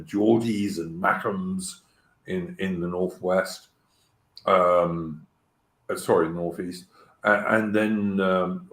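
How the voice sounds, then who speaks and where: A man's voice: low-pitched, fairly bright tone. A man with a light Cockney accent hosting a casual chat, talking with enthusiasm and stumbling over restarts. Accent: light London Cockney. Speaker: host. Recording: roomy echo.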